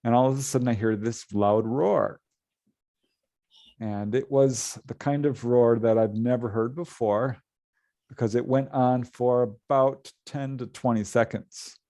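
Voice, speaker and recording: A middle-aged man, a guest on an interview show, telling a story in an animated way and laughing often as he goes. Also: mid-range voice, unhurried, no echo, studio quality. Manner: lively, laughs often while telling a tale. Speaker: guest, paranormal author.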